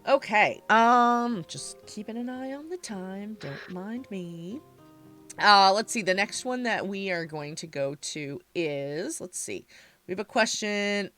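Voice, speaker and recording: A woman hosting a casual panel chat, reading questions out and giggling between them. Her voice is bright and forward, her talk loose and full of fillers. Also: medium pitch, slow pace, faint music behind. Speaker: host.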